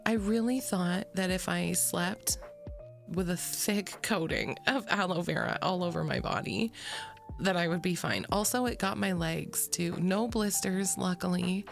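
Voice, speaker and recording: A woman's voice: fairly low pitch, unhurried, vocal fry, faint music behind. A woman streamer chatting casually with her live chat in a sleepy morning voice, giggly and rambling, swearing freely.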